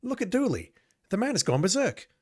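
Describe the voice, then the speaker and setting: A man's voice: sits high, big pitch swings, fairly quick, husky, pitched above the performer's own voice, full character voice. A man doing a chatty gossiping cop. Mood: gossipy. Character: gossipy male police officer colleague.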